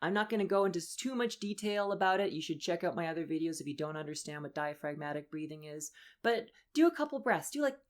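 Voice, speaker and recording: A young woman voice coach leading a lesson, upbeat and encouraging as she walks through breathing and vocal warm-ups. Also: lowish voice, animated, fast, hardly any pauses. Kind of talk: instructional voice lesson.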